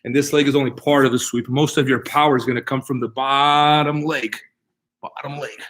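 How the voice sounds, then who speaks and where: Demonstrating techniques in a live online class, a middle-aged jiu-jitsu instructor explains each step and reinforces key points by asking "right?". His mid-range, fairly bright voice runs fairly quick with fairly even intonation.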